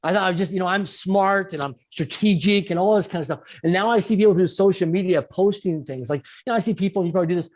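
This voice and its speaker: A middle-aged man telling stories as an interview guest, animated and repeating phrases for emphasis. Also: high-pitched, fast talker, hardly any pauses. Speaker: guest speaker. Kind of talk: storytelling in a conversational interview.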